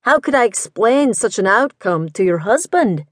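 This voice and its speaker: A woman voicing a skeptical male Scottish detective chief with a blunt, measured, dismissive manner in an audiobook. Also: medium pitch, very animated, no echo, studio quality. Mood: probing.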